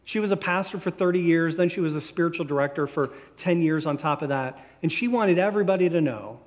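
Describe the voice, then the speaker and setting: Pastor preaching in a reverberant church. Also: male voice, a little high. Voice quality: conversational, warm storytelling delivery with slow emphatic phrases. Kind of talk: sermon. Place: church sanctuary.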